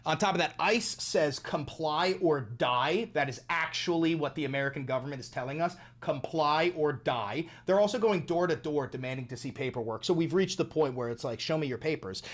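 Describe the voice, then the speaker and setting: A man's voice: fairly high pitch, quick pace, few pauses, fairly bright tone. A young man hosting a political livestream, ranting angrily with profanity and lots of repetition. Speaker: livestream host.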